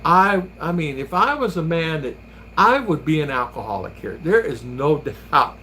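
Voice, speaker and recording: A man's voice: a little high, very animated, moderate pace, pushed and bright, a little hiss or hum. A man hosting a vlog, chatting casually and telling rambling stories while laughing often. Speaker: vlogger and host. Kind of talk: casual chat.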